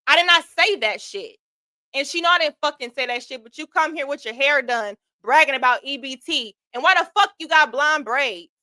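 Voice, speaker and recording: A woman's voice: high voice, lively intonation, normal speed, pushed and bright, dry recording. A woman hosting a livestream, ranting bluntly and argumentatively with heavy profanity. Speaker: host. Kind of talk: heated livestream rant.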